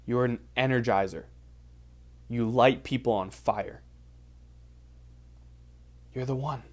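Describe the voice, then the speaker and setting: A man leading a guided visualization as a motivational speaker, emphatic and repetitive, rising to excited peaks. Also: medium pitch, slow pace. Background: faint background music.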